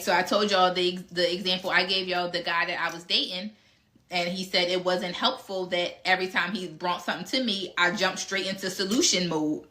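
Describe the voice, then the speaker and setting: Blunt, bright-voiced woman answering questions. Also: on the low side. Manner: frank and blunt, with mild cursing. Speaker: speaker answering audience questions. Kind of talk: casual live Q&A talk.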